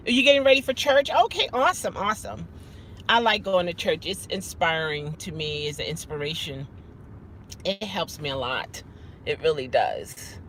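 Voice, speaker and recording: Driving through the city, a vlogger and rideshare driver rambles casually to her livestream audience, greeting commenters by name and repeating a pet exclamation. Her voice is fairly low yet fairly bright, captured in a rough recording with car and street noise in the background.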